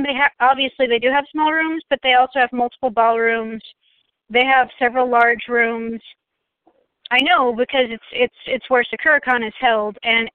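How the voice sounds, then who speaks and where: High-voiced woman arguing on a tinny line. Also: no room sound. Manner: argumentative, restarts a lot. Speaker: podcast host. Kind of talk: casual chat.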